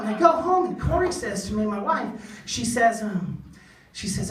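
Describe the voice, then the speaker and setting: With a sharp tone and a voice on the high side, this woman delivers a rambling, self-mocking comedy routine at a moderate pace. The small venue echoes, the microphone sits far off, and the crowd is audible.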